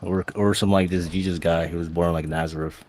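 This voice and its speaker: Deep-voiced blunt young man caller. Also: fairly even intonation, brisk, a little mellow. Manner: blunt, slangy, repeats "all right?". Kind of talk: casual call-in banter.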